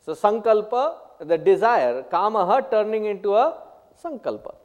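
A man giving a spiritual talk, telling stories and explaining terms one by one in an unhurried way. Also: high-pitched, lively intonation, a little mellow, in a large hall, dull audio. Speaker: spiritual teacher. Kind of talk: spiritual discourse with anecdotes.

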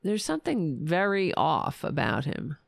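A woman hosting a livestream, delivering an angry, sarcastic political rant full of profanity, her voice going hoarse. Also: deep voice, big pitch swings, a little slow, no room sound. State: losing her voice. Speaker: livestream host.

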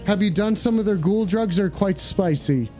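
Brief: high-pitched, manic male stream host, profane, shouty, soft music underneath. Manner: excitable, cursing, breaks into shouting; deliberate slowdowns for comic effect. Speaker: host of a comedic call-in stream. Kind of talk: profane comedic live stream.

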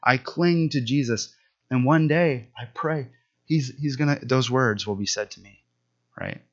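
A man's voice: mid-range voice, measured pace. A man in his thirties, a pastor, giving a sermon in an earnest, conversational storytelling way. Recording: dull lo-fi sound.

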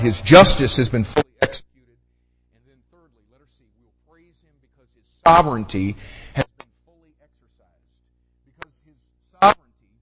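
A man preaching a sermon, folksy and direct, swinging from hushed murmurs to loud shouted exclamations. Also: mid-range voice. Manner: folksy, addresses the audience as y'all and buddy. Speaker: pastor. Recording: husky voice with long hall reverb.

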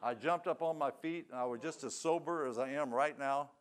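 A man's voice: medium pitch, fairly quick. An older man giving a sermon testimony, telling his story in a folksy, plain-spoken way. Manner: folksy storytelling with rural grammar.

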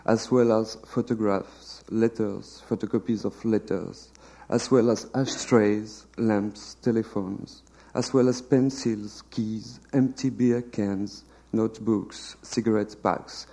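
Slow, dark-voiced man reading fiction. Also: fairly low pitch, vocal fry, low-quality recording. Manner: measured, deliberate reading. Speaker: translator reading aloud. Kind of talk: literary reading of a novel translation. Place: live literary panel event.

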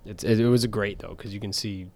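A man's voice: fairly low pitch, fairly even intonation, a little fast, vocal fry, darkish tone. A man co-hosting a casual podcast chat, talking in a rambling way with lots of fillers. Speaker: podcast co-host.

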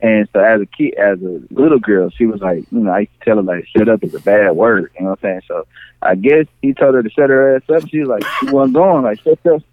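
A man's voice: on the low side, fast talker, dry recording. A man in casual chat about his kids, rambling and restarting his sentences. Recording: dry tinny phone-like sound.

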